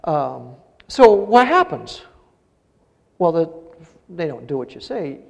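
Here a middle-aged man preaches slowly from a church sanctuary, his creaky, high-leaning voice swinging widely in pitch. He sounds earnest and pushes key phrases to emphatic peaks, while the church hall adds a long reverb.

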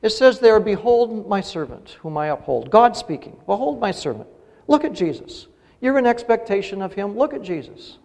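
A middle-aged male pastor preaches earnestly in a church sanctuary, building to emphatic peaks on key phrases. His high voice swings widely in pitch at a moderate pace, slightly mellow, with the long reverb of a church hall.

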